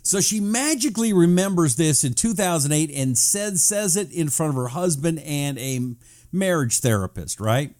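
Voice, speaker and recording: A man hosting a live political talk show, reading viewer comments in a sarcastic, animated way. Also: a little high, normal speed.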